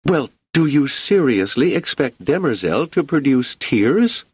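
A sharp, indignant woman, as a male narrator puts her on, pitched far above a deep reading voice and bouncing with lively inflection. She fires off skeptical questions in a dry, close recording from a spoken novel. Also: unhurried, slightly rough, dry recording. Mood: incredulous.

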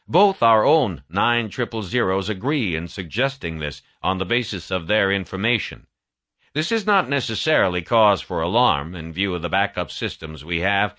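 A man voicing a formal male mission control officer reading out an official transmission in a measured way. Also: lowish voice, pushed and bright, voice pushed up.

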